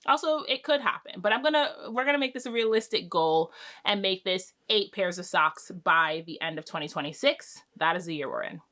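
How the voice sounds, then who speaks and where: Bright-voiced chatty woman. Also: fairly low pitch, animated, a little fast. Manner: chatty, rambling with many fillers and restarts. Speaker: knitting podcast host. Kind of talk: casual chat to camera.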